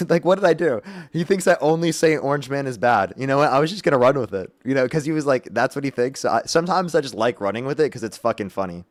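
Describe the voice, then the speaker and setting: A man's voice: mid-range voice, lively intonation, fast talker, no echo. A man hosting a livestream, chatting casually and thanking viewers for donations. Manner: amused, reading out donations. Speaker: livestream host.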